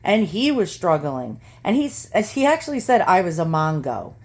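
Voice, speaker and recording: A woman's voice: lowish voice, big pitch swings, moderate pace, a little mellow. A woman vlogging in her home kitchen, out of breath and chatty, laughing often as she talks to the camera. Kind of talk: casual chat to camera.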